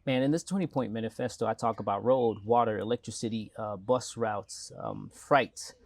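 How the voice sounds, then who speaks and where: A man's voice: fairly low pitch, normal speed, no echo. A man who grew up in South Africa and speaks with an American-sounding accent lightly tinged with South African, a mayoral candidate joking and rambling with restarts in a casual interview. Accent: American-sounding, slightly South African.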